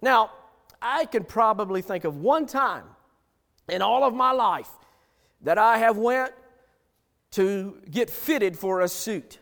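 A man's voice: high voice, animated, takes it slowly, pauses often, a bit bright. A middle-aged male pastor preaching a sermon with emphatic, repetitive phrasing. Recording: long hall reverb.

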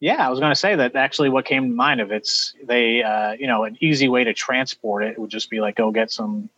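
A man hosting a podcast, asking questions in a relaxed, hesitant way with fillers. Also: medium pitch, a little fast, breathy edge, lo-fi sound. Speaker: podcast host. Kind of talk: casual interview chat.

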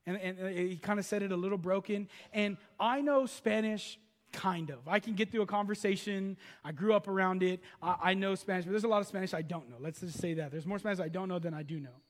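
A man's voice: high-pitched, brisk, long reverb tail. A man preaching a sermon as pastor, telling stories in a loose, conversational way. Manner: conversational storytelling preaching, animated.

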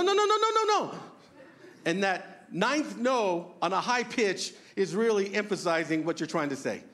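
A pastor preaching an earnest, conversational sermon, asking the congregation questions and joking about himself. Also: male voice, sits high, fairly bright tone. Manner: self-deprecating humor.

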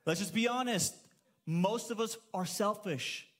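Man, pastor, church sermon, high voice, animated, humorous storytelling. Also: a little slow. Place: church service.

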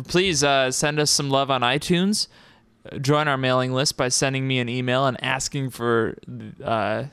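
A relaxed male podcast host chatting and signing off with listeners. His voice is smooth and crisp, recorded close and dry with no room sound. He talks loosely, with plenty of "uh"s and easy laughs. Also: mid-range voice, dry recording. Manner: laid-back, laughs easily, trails off with fillers. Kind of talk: casual podcast chat.

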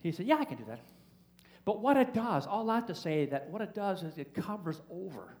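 A man's voice: sits high, big pitch swings, fairly quick, a little mellow. A man preaching to a church congregation in a playful way, joking with the people in the pews. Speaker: pastor. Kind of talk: sermon. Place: church service.

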